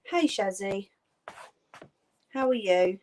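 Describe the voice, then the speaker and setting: A woman's voice: mid-range voice, takes it slowly, darkish tone, slight background noise. A woman hosting a craft live stream, chatting casually and answering her viewers' comments.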